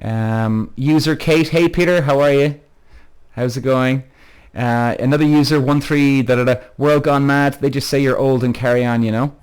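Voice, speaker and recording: A man's voice: medium pitch, fairly even intonation, normal speed, clean tone. A man hosting a podcast live-streamed to an online audience. He reads out viewers' comments, greets them by name, rambles and swears freely as he gets heated. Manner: chatty, addresses viewers by name. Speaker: podcast host.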